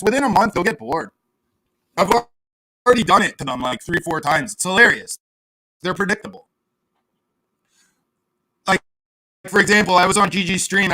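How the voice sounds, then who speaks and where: A man's voice: high voice, sharp tone. A man hosting a livestream, ranting sarcastically and with lots of swearing while reading chat aloud. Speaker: livestream host. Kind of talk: casual livestream rant.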